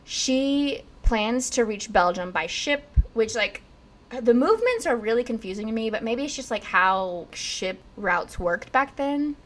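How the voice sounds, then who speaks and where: A woman's voice: on the high side, measured pace. A young woman casually telling a history story on a podcast, chatty and full of "like", acting out quotes. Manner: chatty, lots of "like", acts out quotes in lively bits.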